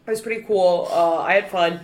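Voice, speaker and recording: A woman in her twenties co-hosting a podcast, telling stories in an animated, wry way. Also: on the low side, a little fast. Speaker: podcast co-host. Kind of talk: casual storytelling chat.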